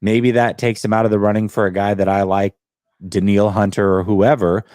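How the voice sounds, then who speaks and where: A man's voice: lowish voice, flat delivery, brisk, darkish tone, no echo, studio quality. A man on a sports talk show analyzing team finances and trades at length. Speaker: sports podcast panelist.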